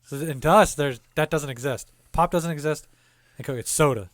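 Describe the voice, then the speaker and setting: A man's voice: on the high side, normal speed, dry recording. A man from the Midwestern US hosting a podcast, ranting in casual, profanity-laced chat and laughing. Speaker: podcast host.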